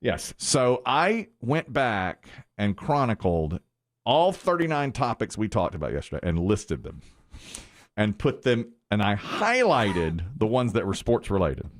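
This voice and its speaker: A man's voice: on the low side, big pitch swings, unhurried. A man hosting a radio show, telling a story in casual banter, mock-indignant and laughing often.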